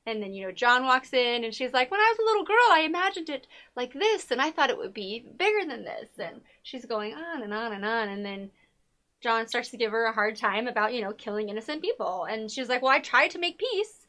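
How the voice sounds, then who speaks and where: Young woman gushing over a tv episode, high voice, acts out every line. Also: fairly quick. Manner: animated retelling, acting out characters' lines; says "y'all". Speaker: co-host of a TV recap show. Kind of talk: casual chat.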